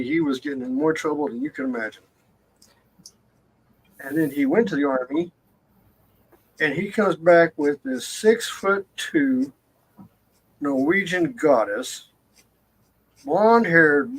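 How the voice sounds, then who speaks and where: A man's voice: a little high, fairly bright tone, poor audio. A man in casual chat, telling family stories with emphatic asides. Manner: chatty, emphatic storyteller.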